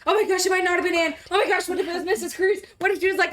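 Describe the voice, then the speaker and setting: A woman streaming a game in casual commentary, excitable, with gasping outbursts that drop into mutters. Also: extremely high pitch, fast talker, few pauses. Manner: excitable, gasping exclamations, swings between loud outbursts and mutters. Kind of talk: casual let's-play commentary.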